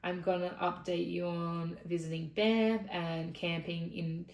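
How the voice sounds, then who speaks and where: A woman's voice: lowish voice, level tone, measured pace, darkish tone, reverberant, low-quality recording. A young Australian woman talking to camera in a casual, rambling advice vlog, frank and chatty. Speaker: vlogger.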